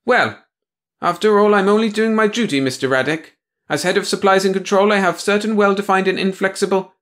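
A man voicing a prim, officious middle-aged woman bureaucrat in an audiobook reading, talking in a stiff, rule-quoting way. Her voice is pitched well above his own and is a little louder. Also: brisk. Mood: indignant.

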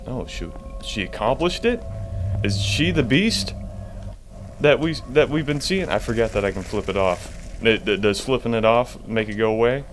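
A man's voice: medium pitch, animated, moderate pace, noisy background. A man giving jumpy, profane commentary to himself while playing a horror game. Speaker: gamer.

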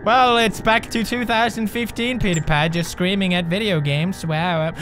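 A man's voice: high-pitched, unhurried, fairly bright tone, soft background music. A man in his twenties commentating a horror game, talking to himself, yelping and cursing when scared. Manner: jumpy, screams and swears, talks to himself. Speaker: gaming video host.

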